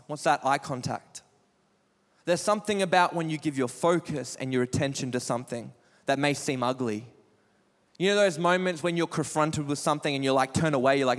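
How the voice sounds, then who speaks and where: A young male youth pastor preaches with impassioned, repetitive rhetorical questions, his voice sitting high. Long reverb trails each phrase through the church hall. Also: a little fast. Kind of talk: sermon. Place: church auditorium.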